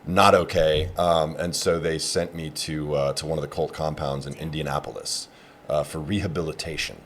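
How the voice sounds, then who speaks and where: A man with a very low voice talks as a guest on a relaxed podcast. He tells his story in fits and starts, often pausing with "um" and "uh" and circling back on his own words. The delivery stays loose and conversational. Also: slight background noise. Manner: halting storytelling, many fillers and restarts. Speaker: comedian guest. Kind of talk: casual podcast interview.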